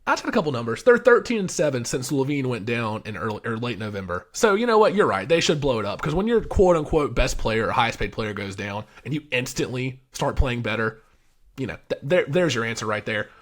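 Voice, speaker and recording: A man co-hosts a casual basketball podcast, enthusiastically rattling off player stats. His medium-pitched voice is sing-song and brisk.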